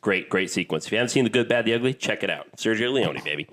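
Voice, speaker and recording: A man co-hosting a podcast in casual chat, excitable and swearing freely as he retells film scenes. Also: fairly low pitch, quick pace. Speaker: podcast co-host.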